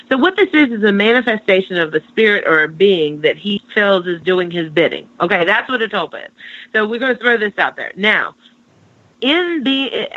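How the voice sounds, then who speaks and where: A woman, a psychic co-hosting a casual podcast, telling stories in an animated way and swearing freely. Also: medium pitch, dry recording. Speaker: psychic co-host. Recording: dull lo-fi sound.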